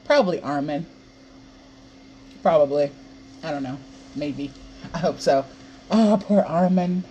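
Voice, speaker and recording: A woman's voice: low-pitched, unhurried, warm tone, a little hiss or hum. Hyped young woman ranting on a podcast. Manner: hyped, swearing a lot, sighing and laughing. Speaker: podcast host. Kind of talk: excited solo podcast rant.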